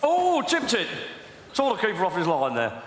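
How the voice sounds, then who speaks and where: A man's voice: sits high, wildly swooping pitch, normal speed, a bit bright, exaggerated voice. Man doing a drawling old football pundit. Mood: rambling. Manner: drawling, trailing off. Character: pompous older football pundit, rambling. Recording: echoey live theatre with noise.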